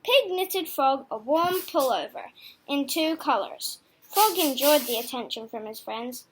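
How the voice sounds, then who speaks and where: Slow, animated woman reading a picture book. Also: high-pitched, slight background noise. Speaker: storybook reader. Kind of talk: children's picture-book read-aloud.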